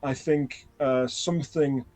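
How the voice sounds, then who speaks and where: A man playing a tabletop game, speaking hesitantly with many pauses and restarts. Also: medium pitch, fairly even intonation, darkish tone. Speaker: player.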